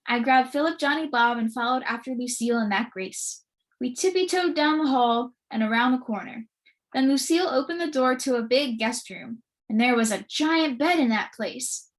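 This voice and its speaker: A woman reading a children's book aloud with lively, expressive storytelling. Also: on the high side, normal speed. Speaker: storybook reader.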